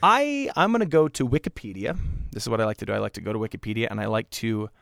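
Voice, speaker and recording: A man hosting a podcast, playful and quick to laugh. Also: fairly low pitch, animated, gravelly, a bit bright, no room sound, studio quality. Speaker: podcast host. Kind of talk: casual podcast chat.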